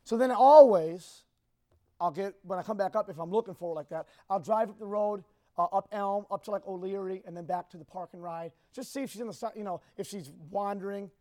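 A man speaking to a group, telling a personal story in a rambling, halting, emotional way. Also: high voice, dark tone.

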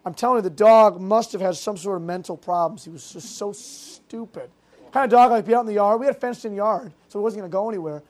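A youth pastor from Massachusetts preaching to teenagers, telling stories in a lively way with fillers and quick asides. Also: mid-range voice. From Massachusetts, United States. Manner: lively storytelling with fillers and self-interrupting asides. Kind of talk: youth group sermon.

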